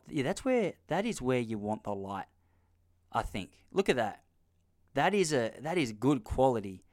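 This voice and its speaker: A man, hosting a solo comedic podcast from a spare room at home, rambling and poking fun at himself. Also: a little high. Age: 30s. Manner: rambling, self-mocking storytelling with quoted voices. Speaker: podcast host.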